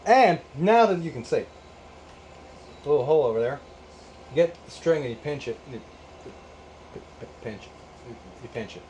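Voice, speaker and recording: Man, 30s, slightly high voice, sarcastic exasperated vlog host, profane rants, faint noise. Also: very animated, brisk, pauses often, darkish tone. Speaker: YouTube host. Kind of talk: casual guitar how-to vlog.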